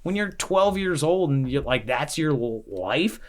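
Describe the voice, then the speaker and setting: A man's voice: fairly high pitch, expressive, a little slow. Blunt, profane man, thirties, podcast co-host telling his story. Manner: blunt, heavy swearing, emotional. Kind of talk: casual chat.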